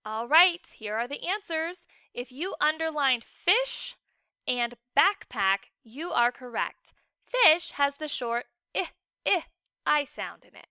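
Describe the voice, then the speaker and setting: A woman's voice: high-pitched, big pitch swings, pushed and bright, dry recording, clean studio sound. A woman teacher giving a recorded phonics lesson for children, patient and encouraging, drawing out each word with exaggerated care. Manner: slow, exaggerated enunciation of words.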